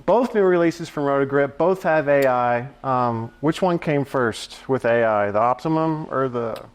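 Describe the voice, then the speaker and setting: A man's voice: mid-range voice, unhurried, clear, resonant tone. A man hosting a casual talk show, joking and teasing his guests. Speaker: podcast host. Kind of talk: casual chat.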